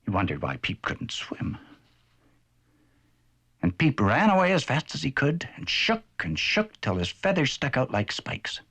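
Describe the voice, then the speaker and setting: Playful male storybook narrator for a vintage cartoon; husky, highly animated. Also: unhurried.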